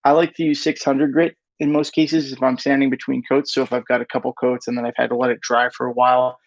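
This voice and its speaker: During a casual live Q&A, a man reads viewers' questions aloud and answers them quickly in a flat, mid-range voice, often correcting himself with "rather." The audio is lo-fi and has no echo.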